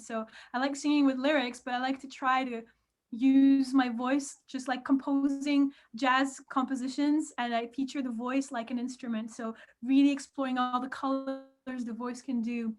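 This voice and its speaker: A woman from France, a jazz vocalist chatting as a guest on a video call, friendly and quick to laugh. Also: high-pitched. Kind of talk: casual chat.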